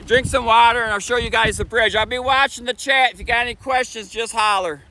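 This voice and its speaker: A man with a Michigan accent chatting fast and casually on a livestream, sitting outdoors on a bench by a bridge. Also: very high-pitched, fairly even intonation, bright, forceful tone, low-quality recording. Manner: talks fast, chatty, laughs often. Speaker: streamer. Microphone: phone camera on a tripod.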